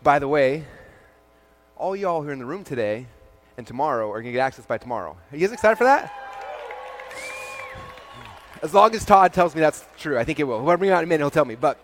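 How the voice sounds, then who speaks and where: Fast-talking man telling stories on stage. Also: fairly high pitch. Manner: acts out dialogue with "I'm like" and "he's like", lots of fillers. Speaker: keynote speaker at his company's event. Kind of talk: animated storytelling talk to a live audience.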